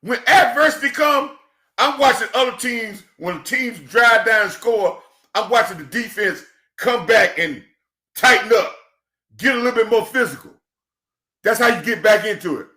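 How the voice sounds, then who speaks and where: A man in a passionate, preachy football rant, swinging between shouting and quiet emotion, calling his listeners "church". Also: sits high, lively intonation, normal speed. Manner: preachy, emphatic, calls audience "church". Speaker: football commentator. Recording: echoey room.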